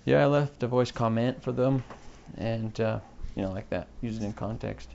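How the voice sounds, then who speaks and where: A man's voice: lowish voice, moderate pace, creaky, darkish tone, dull audio, slight background noise. A man hosting his own podcast, rambling along in an offhand, self-mocking way. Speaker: podcast host. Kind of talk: rambling solo podcast chat.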